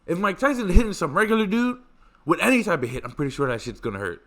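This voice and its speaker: A man hosting a podcast, telling stories in a casual, animated way, swearing freely and stressing points through repetition. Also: high voice, fast talker. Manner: animated, profane, emphatic repetition. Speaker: podcast host. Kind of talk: casual storytelling chat.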